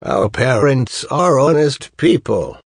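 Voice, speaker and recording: A man's voice: mid-range voice, animated, slow, breathy edge, no echo, clean studio sound, full character voice. A man voicing offended young wren chicks in a storybook reading. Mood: indignant.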